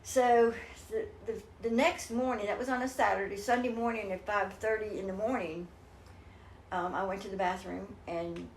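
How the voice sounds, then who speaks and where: An older woman recounts her own story as an interview guest, in an earnest, meandering way that often restarts her sentences. Her voice sits in the middle of the usual pitch for a woman. The room around her gives the recording a noticeable echo. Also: slight background noise. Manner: earnest, rambling, with many restarts. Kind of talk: personal storytelling in a casual interview. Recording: roomy echo.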